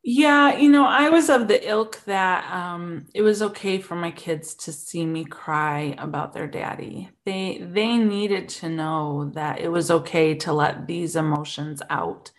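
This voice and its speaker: A woman's voice: lowish voice, a little slow, few pauses. A woman in a casual conversation, talking earnestly and openly about feelings. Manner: earnest, openly emotional talk. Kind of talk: casual chat.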